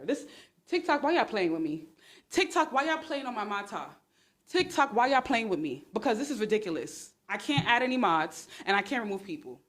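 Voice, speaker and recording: A woman hosting a casual livestream on her phone, talking in a sarcastic, exclamatory and animated way. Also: fairly high pitch, fairly quick. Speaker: livestream host.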